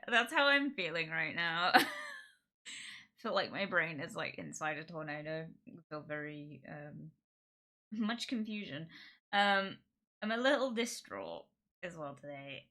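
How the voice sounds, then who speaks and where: A woman streamer chats at an unhurried, drawn-out pace, rambling between thoughts and breaking into giggles. Her voice is bright and forward, with a sharp edge to it, and she is talking from indoors at home. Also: lowish voice. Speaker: livestreamer. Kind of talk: casual stream chat.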